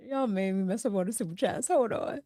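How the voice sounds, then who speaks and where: Woman livestream host, chatty, laughs often; middle pitch, dry close sound. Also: brisk, mellow, no room sound. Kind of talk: casual livestream chat, reading super chats.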